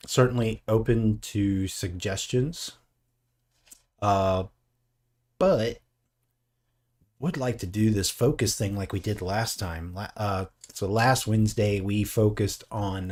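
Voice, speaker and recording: A man co-hosting a live painting stream, chatting casually in a slow, meandering way with many hesitations. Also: on the low side, darkish tone. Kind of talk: casual chat.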